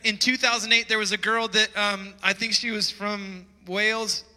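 A man preaching in a church hall, his high voice carrying a long reverb. His tone is bright and forceful as he tells stories and presses his listeners with urgent calls to wake up. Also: flat delivery, normal speed, few pauses. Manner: storytelling, emphatic rising calls to wake up. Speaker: pastor. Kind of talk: sermon.

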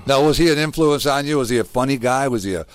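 A man hosting an interview, joking and quick to laugh. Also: mid-range voice, clean tone, dry recording. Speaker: host.

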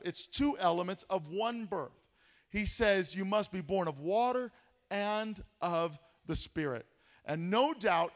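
High-voiced animated male pastor. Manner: animated, asks rhetorical questions, dramatic drops to a hush. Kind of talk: Bible study teaching.

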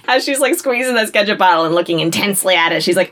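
A woman's voice: medium pitch, fast, a bit bright. Laughing woman recapping an episode. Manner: laughs often, acts out characters' lines. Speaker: podcast co-host. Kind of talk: casual chat recapping a TV episode.

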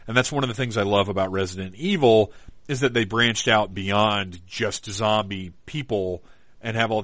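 A man co-hosting a podcast, talking through a movie in a relaxed, rambling way with fillers. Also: fairly low pitch, no room sound. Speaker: podcast co-host. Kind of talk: casual film discussion.

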